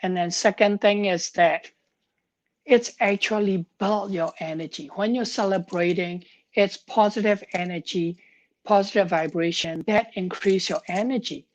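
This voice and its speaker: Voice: medium pitch, a little slow. A woman pharmacist talking on a live stream, telling a story in an earnest, heartfelt way and sounding tired.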